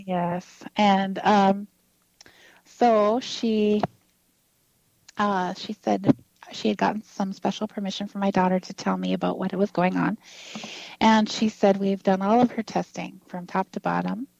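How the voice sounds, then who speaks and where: A woman's voice: medium pitch, level tone, measured pace, creaky, darkish tone, dry recording. A woman in her fifties telling a personal story in a casual interview, acting out quoted dialogue and laughing often. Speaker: guest. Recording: dull lo-fi dry recording.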